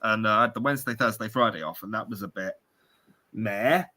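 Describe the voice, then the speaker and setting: A man's voice: lowish voice, a little fast, pushed and bright. A British man in his forties co-hosting a podcast, telling rambling, self-mocking stories in casual chat. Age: 40s. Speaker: podcast co-host.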